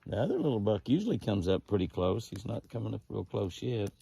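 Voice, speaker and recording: A man's voice: lowish voice, sing-song, a little fast, vocal fry, dark tone, slightly rough, dry recording. A man narrating casually outdoors while feeding deer, folksy and coaxing them closer in a sing-song call. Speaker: ranch owner and show host.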